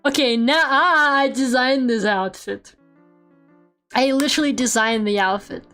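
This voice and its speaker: A woman's voice: high voice, a little slow, fairly bright tone, soft background music. A woman streamer chatting casually while she draws, laughing often and swearing offhandedly. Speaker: VTuber streamer.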